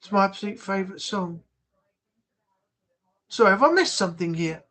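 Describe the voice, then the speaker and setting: Reading out comments on a casual livestream, this British host speaks at normal speed in a high, bright, forceful, animated voice. He's chatty and blunt, rambles, and frequently restarts what he's saying.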